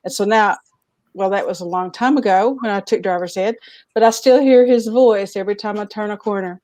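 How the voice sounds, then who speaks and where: A woman's voice: mid-range voice, fairly quick. A woman from Tennessee with a Southern US accent, telling stories in a casual group chat. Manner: chatty storyteller, animated. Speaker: show regular.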